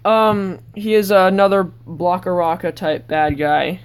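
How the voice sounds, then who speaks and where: Woman, vlogger, casual sketchbook tour, rambling, excited outbursts, lowish voice. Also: a little slow, clean tone.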